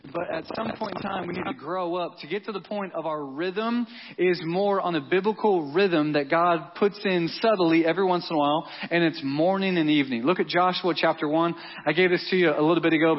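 A male pastor with a high, husky voice preaches in a conversational, emphatic way and circles back to key words. The audio is dull and lo-fi. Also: steady tone, fairly quick. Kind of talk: sermon.

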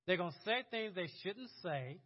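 A man's voice: high voice, expressive, moderate pace, husky, highs cut off. A man preaching a sermon in a conversational, chuckling way, often repeating words as he goes. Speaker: pastor.

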